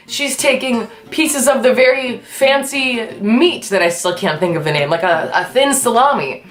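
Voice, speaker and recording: A woman hosting her vlog, telling a story in a casual, animated and profane way. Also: a little high. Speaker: host. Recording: echoey room with faint guitar music.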